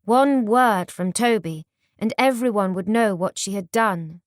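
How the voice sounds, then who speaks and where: With a medium-pitched voice, a female narrator reads an audiobook at an even, measured storytelling pace. The studio-quality recording has no room sound.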